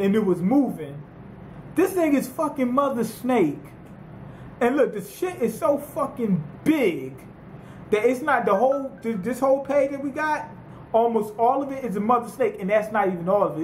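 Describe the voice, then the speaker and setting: A man giving a casual, profane manga chapter review, rambling and excitable with lots of fillers. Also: sits high, reverberant, slight background noise, low-quality recording.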